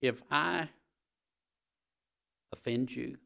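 Male pastor, bright edge, emphatic and folksy, repeats his points for weight. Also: very slow, vocal fry. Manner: emphatic, repeats key phrases, swings between loud and low; folksy, addresses the congregation directly. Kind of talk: sermon.

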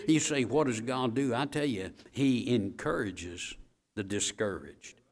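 Folksy preacher man, hushed then booming. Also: measured pace. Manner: repeats key phrases, swings from hushed low lines to loud emphatic bursts; folksy asides to the congregation. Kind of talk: sermon.

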